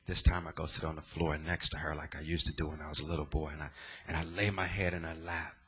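A man's voice: very deep voice, little pitch movement, quick pace, pushed and bright, breathy edge. A man from the Bay Area giving a dramatic, emotional personal testimony in a sermon, using plain street slang. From San Francisco Bay Area.

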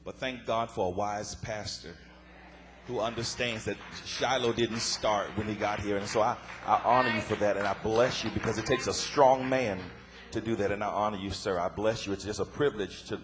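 A man's voice: lowish voice, fairly even intonation, moderate pace, a little hiss or hum. A man speaking as a guest preacher from a church pulpit in an emphatic, repetitive preaching style, dotting his talk with amens. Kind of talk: sermon.

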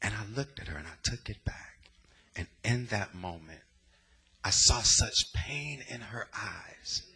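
A man's voice: fairly low pitch, expressive, unhurried, sharp tone, breathy edge. A man from the Bay Area giving a dramatic, emotional personal testimony in a sermon, using plain street slang. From San Francisco Bay Area.

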